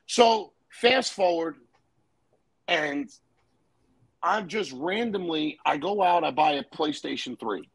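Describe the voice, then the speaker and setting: Man, husky gravelly voice, high for a man, swearing as he tells a story. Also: slow pace, pauses often, poor audio. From New York. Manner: profane, acts out the other people in his stories. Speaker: guest. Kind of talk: casual storytelling.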